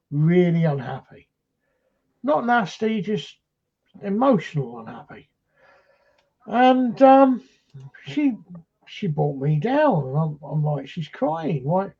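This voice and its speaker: A high-pitched man with a mellow, darkish tone tells a rambling paranormal anecdote in casual live-stream chat. He keeps stopping and restarting between fillers. The sound is dull and lo-fi. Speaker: paranormal investigator.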